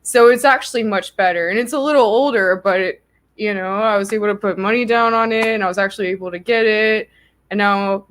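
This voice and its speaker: A young woman hosting a livestream, telling a story casually with lots of "like" fillers. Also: fairly high pitch. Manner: chatty, lots of "like" fillers, animated retelling. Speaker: livestream host.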